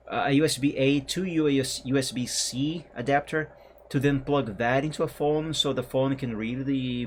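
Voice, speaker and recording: A man streaming a game and chatting casually, relaxed and rambling. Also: medium pitch, slight background noise. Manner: relaxed, rambling, self-correcting. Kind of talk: casual gameplay commentary.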